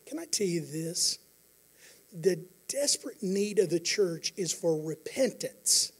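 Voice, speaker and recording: A pastor preaching a sermon, earnest, moving between quiet passages and emphatic declarations. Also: male voice, sits high, expressive, slow pace, breathy edge.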